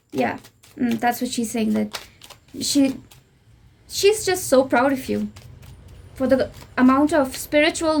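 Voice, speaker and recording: A young Indian woman with an Indian English accent, giving a gentle, reassuring spiritual tarot reading straight to the listener. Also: sits high. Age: young adult. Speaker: tarot reader.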